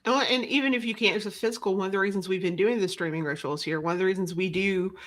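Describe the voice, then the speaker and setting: Racing along in a mid-range, slightly bright voice, a woman guest talks casually during an interview. She rambles, makes self-deprecating remarks and frequently starts her sentences over.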